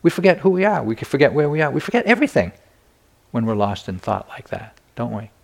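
A man's voice: medium pitch, big pitch swings, fast talker, gravelly. An older man giving a meditation dharma talk, telling personal stories candidly with self-deprecating humor. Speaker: meditation teacher.

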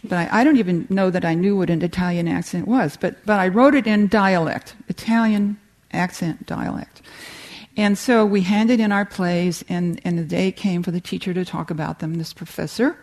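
An older American woman giving a warm, humorous talk on creativity, telling stories and reading slowly from a book. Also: lowish voice, fairly even intonation. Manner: warm, humorous storytelling with slow reading passages. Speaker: meditation teacher giving a talk.

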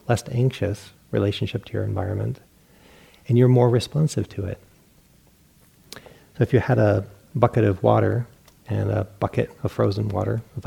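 A middle-aged man teaching meditation in a relaxed dharma talk, poking fun at himself and acting out his own inner voices. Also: fairly low pitch, creaky, breathy edge. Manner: relaxed, self-mocking, acts out inner voices.

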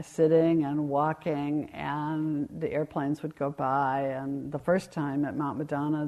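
An older woman in her sixties, a meditation teacher giving a gentle, unhurried dharma talk at a retreat, telling stories with pauses. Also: low-pitched, lo-fi sound.

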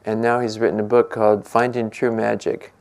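Older male meditation teacher, gravelly, unhurried and gentle, laughs easily. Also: lowish voice, little pitch movement. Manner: gentle, musing, laughs often. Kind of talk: relaxed dharma talk.

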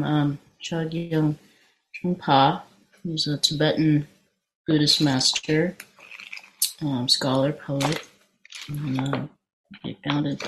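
A woman with a fairly low voice gives a dharma talk. She tells a personal story with lively energy, then moves into a calm, reflective teaching.

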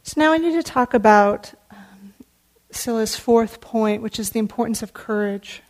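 Woman, meditation teacher, dharma talk, earnest storytelling, fairly high voice. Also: normal speed.

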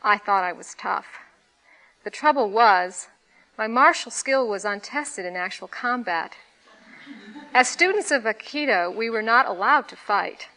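A woman meditation teacher giving a dharma talk, reading a story aloud with expressive storytelling. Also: a little high, measured pace, poor audio. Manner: expressive storytelling, laughing at times.

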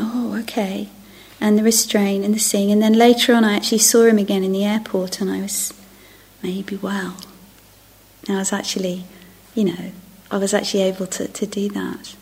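Middle-aged woman, meditation teacher. Gentle, reflective dharma-talk delivery that often sinks to a whisper. Husky with some vocal fry. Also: mid-range voice. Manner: soft and reflective, often dropping to a near-whisper; self-interrupting, restarting phrases. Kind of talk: dharma talk to a retreat group.

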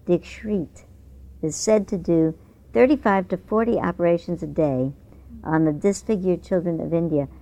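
A woman giving a dharma talk as a meditation teacher, speaking in a conversational, unhurried way while reading a news article aloud. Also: fairly low pitch, gravelly, darkish tone. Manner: conversational and unhurried, with small restarts.

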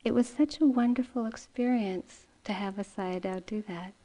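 A middle-aged woman meditation teacher giving a dharma talk, telling a story gently and slowly with soft laughs. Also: mid-range voice.

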